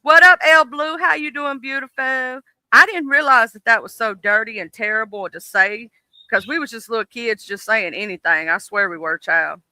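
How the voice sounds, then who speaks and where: A man's voice: extremely high pitch, moderate pace, pushed and bright, smooth, no room sound, low-quality recording. A man in casual, joking livestream chat, reminiscing and greeting viewers in the chat. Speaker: livestream co-host.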